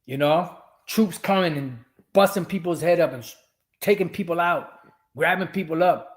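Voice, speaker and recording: Profane ranting man, higher voice. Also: moderate pace. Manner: profane, rambling, emphatic. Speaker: streamer. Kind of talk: ranting religious commentary.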